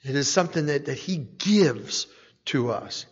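A man with a high voice delivers a slow, conversational sermon, often asking the room "right?" with a small chuckle. His voice carries a long reverb from a large church hall. The recording sounds muffled and dull. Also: lively intonation, breathy edge. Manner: asks the congregation "right?" again and again, with a light chuckle. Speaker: preacher.

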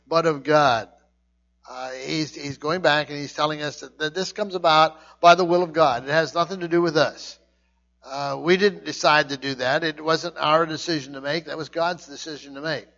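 A man's voice: on the high side, fairly bright tone. A man preaching a Bible lesson in a teacherly way, stressing key words, with many fillers and restarts. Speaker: pastor teaching a Bible class. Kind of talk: sermon. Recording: dull lo-fi recording.

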